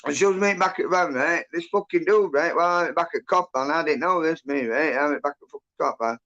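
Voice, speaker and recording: Gravelly, sweary man. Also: on the high side, fairly quick, fairly bright tone. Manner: sweary, rambling, agitated. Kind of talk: casual chat, storytelling. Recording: muffled lo-fi audio.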